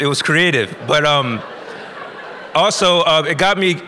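A man's voice: mid-range voice, fairly quick, a crowd in the background. A man telling a personal story to a live audience in a casual, conversational way, acting out dialogue and using many fillers.

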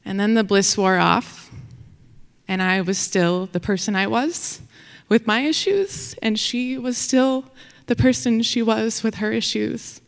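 A woman's voice: fairly high pitch, unhurried, creaky, clear, resonant tone. A woman telling a personal story live on stage, chatty, with fillers and frequent laughter. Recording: long hall reverb.

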